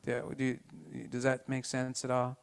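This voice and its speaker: A man giving an informal health talk to a live group, halting with many restarts and turning to the audience with questions. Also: mid-range voice, monotone, clear, resonant tone.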